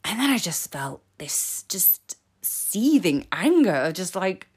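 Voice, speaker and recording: A woman's voice: fairly high pitch, sing-song, a little slow, husky. A woman in her forties hosting a solo podcast, talking in a chatty, candid and openly emotional way. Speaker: podcast host. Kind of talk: casual solo podcast talk.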